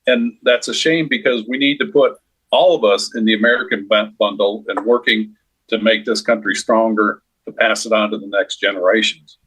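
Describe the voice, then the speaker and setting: A man co-hosting a political podcast, speaking in a measured way with many fillers. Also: fairly low pitch, steady tone, a bit bright, slightly rough, low-quality recording. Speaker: podcast co-host.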